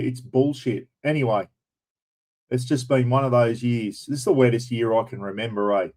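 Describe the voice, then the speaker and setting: An Australian man hosting a relaxed livestream, talking in a loose, blunt way with easy swearing. His voice sits at a middling pitch, neither deep nor high. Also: low-quality recording. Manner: chatty and blunt, mild swearing, greets viewers by name. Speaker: livestream host. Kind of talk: casual chat.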